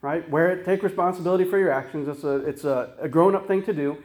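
A man's voice: a little high, fast, a little mellow, reverberant. A man preaching a sermon as pastor, earnest and conversational, with frequent restarts and tag questions.

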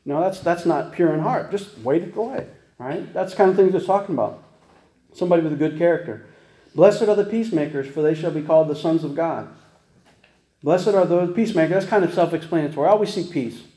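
A man delivers a casual, folksy sermon, tumbling quickly through stories with restarts and frequent "right?" asides. His voice sits a touch high yet sounds mellow and warm. The room around him rings with noticeable echo. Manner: folksy, chatty, many restarts and rhetorical "right?". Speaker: preacher.

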